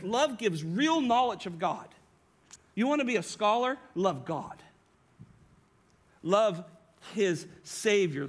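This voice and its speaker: Man, high-pitched voice, pastor, sermon, emphatic, rhetorical questions, shifting pace. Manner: emphatic preaching with frequent rhetorical "right?"; varies pace and volume, slowing on key phrases. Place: church sanctuary.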